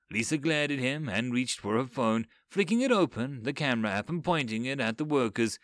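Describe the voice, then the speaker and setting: A man reading a dark fantasy story aloud in an expressive, dramatic way. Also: medium pitch, brisk, few pauses, dry recording, studio quality. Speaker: narrator. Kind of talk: audiobook story narration.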